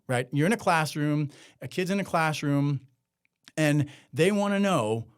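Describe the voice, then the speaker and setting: A man's voice: fairly high pitch, lively intonation, fairly quick. A man hosting a solo commentary podcast, talking in a sarcastic, conversational way with many filler words. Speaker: podcast host.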